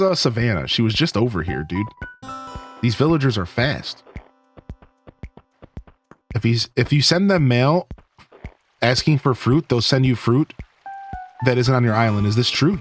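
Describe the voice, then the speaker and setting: A man streaming a video game, chatting casually and joking with his viewers. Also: mid-range voice. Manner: animated, jokey, talks to chat. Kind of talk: casual gaming chat.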